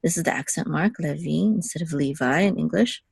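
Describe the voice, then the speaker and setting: A woman's voice: lowish voice, quick pace, creaky, husky, dry recording. A young adult woman giving a patient one-on-one Hebrew lesson, checking in often with "okay". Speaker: Hebrew teacher.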